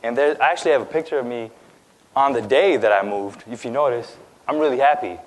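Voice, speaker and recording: A man's voice: medium pitch, a little fast, low-quality recording. A young man from India who grew up in Dubai, giving a personal talk on stage in a conversational way, with frequent fillers and "right?" asides. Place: lecture stage.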